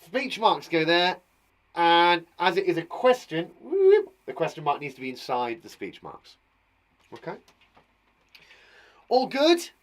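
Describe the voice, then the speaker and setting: An English man teaching young children online, his voice sitting a little high for a man. He is patient and encouraging, thinking aloud as he writes out each example. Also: big pitch swings, unhurried, long pauses. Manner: patient, encouraging, talks aloud while writing. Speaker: primary school teacher. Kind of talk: live online English lesson.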